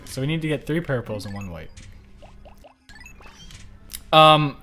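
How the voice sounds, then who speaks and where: High, lively, bright-voiced excitable man. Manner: excitable and jokey, quick to yell. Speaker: livestream host. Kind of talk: casual gameplay commentary.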